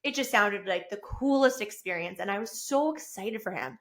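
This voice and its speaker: A woman in her thirties talks solo on her own podcast at a moderate pace, her voice mid-range. She self-records with a camera and chats casually, enthusiastic and effusive, rising into excited bursts.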